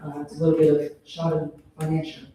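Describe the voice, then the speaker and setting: A man performing a stand-up set, breaking into shrill high mock voices when he quotes people. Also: completely flat delivery, quick pace, dark tone, slight background noise. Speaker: stand-up comedian. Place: comedy venue stage. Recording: very echoey hall from a distance.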